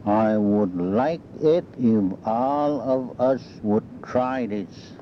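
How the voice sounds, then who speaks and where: A man teaching a language lesson, saying each phrase twice in a slow, measured way. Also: mid-range voice, dull audio, a little hiss or hum.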